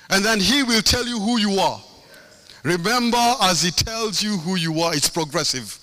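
A man's voice: sits high, expressive, normal speed, bright, forceful tone. A middle-aged man preaching a sermon, impassioned, with a sing-song cadence and lots of repetition.

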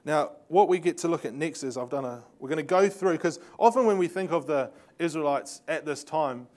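Fairly quick and fairly high in pitch, a man's voice carries a slide-based Bible lesson. The story comes out lively, punctuated by sarcasm and asides he laughs through.

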